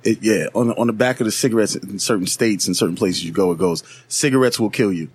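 Husky-voiced man hosting a podcast. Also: fairly low pitch, fast talker, darkish tone. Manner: easygoing, leads the show. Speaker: podcast host. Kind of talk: casual chat.

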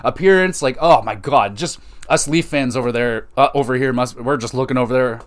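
Young male podcast host, rambling sports fan, swears freely, excitable, medium pitch. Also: fairly quick. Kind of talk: casual solo podcast talk.

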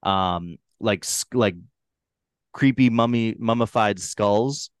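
A man's voice: fairly low pitch, slow pace, clean tone, no echo, clean studio sound. A man with a New Hampshire accent, hosting a casual movie review podcast in a loose, rambling way with casual swearing. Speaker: podcast host.

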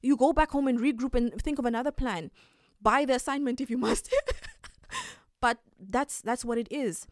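A young woman hosting a podcast, giving calm, emphatic advice and laughing often. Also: on the high side, moderate pace, dry recording, clean studio sound. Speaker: podcast host.

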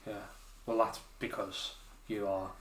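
A man's voice: on the low side, flat delivery, a little slow, fairly bright tone. A man co-hosting a podcast, teasing his friend with swearing and casual banter. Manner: teasing, joking, swearing freely. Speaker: podcast co-host. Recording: roomy echo.

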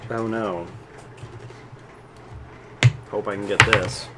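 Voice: low-pitched, fairly even intonation, very slow. Hesitant, joking tabletop player, noisy. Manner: hesitant, filler-heavy, swearing and joking. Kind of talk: casual tabletop game play.

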